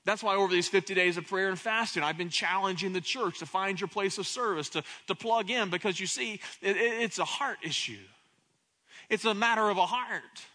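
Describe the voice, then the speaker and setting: A man preaching a sermon in a high, bright voice. His delivery is impassioned, dropping to a hush and then climbing loud, and he often stumbles over repeated words as he starts a thought. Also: moderate pace. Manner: impassioned preaching, swings between hushed and loud. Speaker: pastor.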